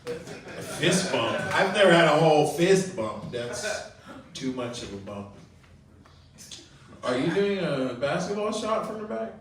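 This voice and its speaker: A middle-aged man from Colombia doing open mic stand-up and chatting with the crowd, with a halting, rambling delivery full of ums and little laughs. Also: fairly high pitch, very animated. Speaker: stand-up comedian. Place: comedy club room. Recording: echoey room, mic far off.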